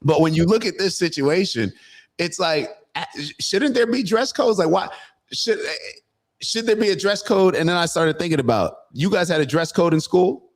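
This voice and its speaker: A man's voice: high-pitched, expressive, moderate pace. Male podcast host, casual talker, meanders through his points with ums and restarts. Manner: rambling, thinking aloud with many fillers. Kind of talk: casual political chat.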